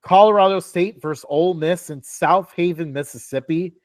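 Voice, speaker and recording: Young male co-host, slightly high voice, dry close sound, rambling chat full of "um" and "like". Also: moderate pace, dry recording. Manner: rambling, filler-heavy, laughs often. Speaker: podcast co-host. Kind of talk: casual sports talk.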